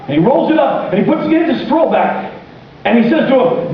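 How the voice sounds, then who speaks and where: A man delivers a lively sermon, his high voice swinging widely as he acts out quoted speech. The sound is captured from far off in a very echoey church hall. The recording is muffled, with faint noise underneath. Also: a little fast. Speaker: pastor. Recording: distant, muffled room mic with faint noise.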